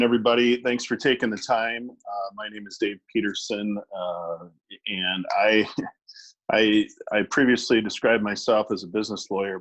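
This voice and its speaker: A man's voice: on the low side, breathy edge, poor audio. A man who works as a business lawyer, presenting a webinar in a conversational way with many fillers and restarts.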